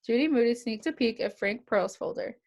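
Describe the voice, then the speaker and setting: A woman's voice: on the high side, fairly quick. A young woman reading a children's chapter book aloud to kids, giving each character their own voice. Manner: lively, puts on voices for the characters.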